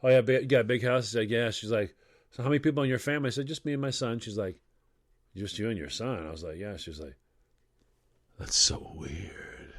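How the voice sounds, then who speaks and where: A man's voice: mid-range voice, very fast, no echo, clean studio sound. A middle-aged man chatting casually on a podcast, telling stories and acting out the voices of the people in them. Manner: animated storyteller, acts out quoted voices.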